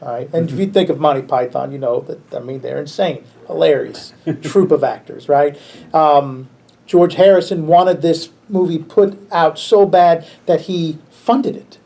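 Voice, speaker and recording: A man, a pastor, teaching a Bible class in a relaxed, conversational way, chuckling often and restarting his sentences. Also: fairly high pitch, unhurried, gravelly.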